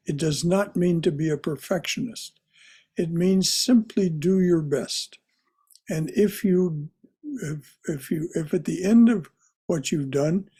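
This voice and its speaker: Husky-voiced man teaching a class. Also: fairly high pitch. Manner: gentle, often restarts and repeats words. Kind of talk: leading a religious study class.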